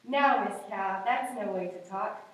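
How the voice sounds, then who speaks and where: A woman's voice: medium pitch, a little slow, a bit bright, voice pushed down, natural voice. A woman voicing a kind male zookeeper from a storybook, speaking in reassuring rhymes. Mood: kindly. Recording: echoey room, far from mic.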